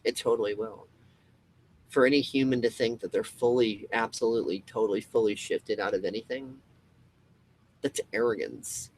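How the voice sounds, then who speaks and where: A man's voice: on the low side, normal speed, a little hiss or hum, poor audio. A man hosting his own show, delivering an impassioned, rambling monologue with frequent swearing and restarts. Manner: rambling, emphatic, swears, restarts a lot, mocking quoted voices. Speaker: show host.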